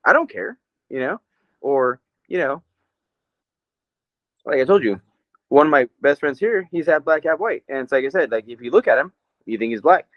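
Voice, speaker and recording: Man co-host, casual podcast chat, swings his pitch a lot, profane and rambling, dry dull recording. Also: lively intonation, normal speed, long pauses, no echo.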